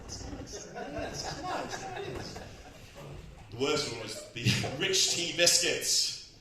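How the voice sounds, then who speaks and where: A man's voice: high voice, very animated, slow pace, background noise. A man doing a bawdy, self-mocking stand-up set, laughing at his own jokes on a comedy club stage. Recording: echoey club with crowd, from far off. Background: audience laughing.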